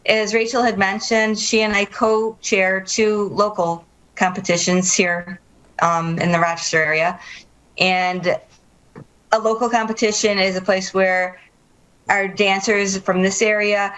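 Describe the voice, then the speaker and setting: A woman's voice: mid-range voice, steady tone, measured pace, fairly bright tone, low-quality recording. A woman guest on a local TV interview, explaining things in a friendly, casual way. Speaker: guest, dance school representative.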